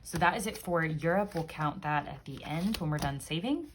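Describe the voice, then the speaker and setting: A woman's voice: deep voice, moderate pace, a little hiss or hum. A woman vlogger chatting casually and upbeat as she counts bills aloud, one by one. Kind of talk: casual chat while counting cash.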